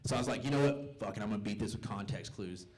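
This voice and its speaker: A man's voice: fairly low pitch, fast talker, darkish tone. A young man from the American South doing stand-up in a comedy club, loose and self-mocking as he acts out the people in his stories. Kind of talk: stand-up storytelling.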